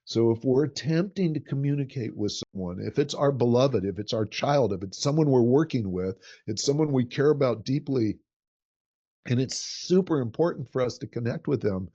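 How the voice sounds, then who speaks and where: A man teaches a workshop at a middle pitch, earnest and explanatory, often repeating a word as his sentences build. The recording sounds dull and muffled, as if its top end were trimmed. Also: expressive, moderate pace, dark tone. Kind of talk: teaching talk.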